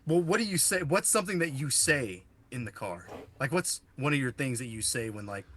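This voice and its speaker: Bright-voiced chatty man. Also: mid-range voice, animated, a little fast. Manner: chatty, asks the others questions, jokey. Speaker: podcast co-host. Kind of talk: casual chat.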